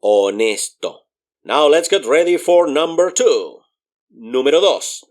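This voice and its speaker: A man's voice: a little high, expressive, a little slow, darkish tone. A man teaching a beginner Spanish lesson, spelling words out letter by letter and patiently explaining pronunciation with repeated examples.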